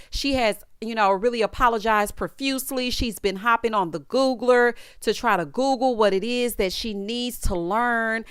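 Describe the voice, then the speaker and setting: A woman's voice: on the high side, smooth, no echo, studio quality. A woman giving a casual, opinionated recap of a reality show with a sassy, direct delivery, speaking straight to the people on screen.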